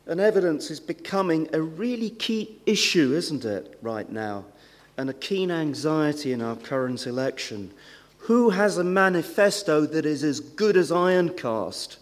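A man preaching a sermon in a church, conversational, with rhetorical questions and frequent hesitations. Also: on the high side. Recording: long hall reverb.

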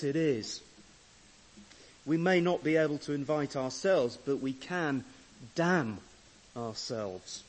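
Slow, deliberate male preacher. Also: a little high, poor audio. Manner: emphatic, swelling louder on scripture readings; measured, deliberate delivery with pauses. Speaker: pastor. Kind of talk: sermon.

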